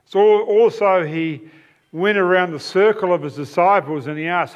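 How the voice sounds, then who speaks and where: A man's voice: sits high, normal speed, clean tone, lo-fi sound. A man preaching a sermon, explaining a passage with emphatic, repeated phrases.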